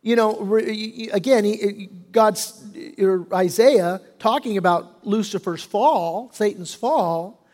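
A man's voice: high-pitched, slow pace, few pauses, a little mellow. A man preaching a sermon as pastor. He explains things conversationally and often restarts his sentences. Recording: long reverb of a large hall.

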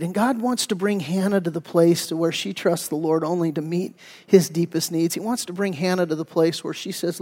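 A middle-aged man with a fairly high voice preaches to his congregation in a relaxed, conversational way, often restarting his sentences. His voice rings out with a long reverb in a church sanctuary. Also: brisk. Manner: conversational storytelling with frequent restarts and fillers. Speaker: pastor. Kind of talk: sermon.

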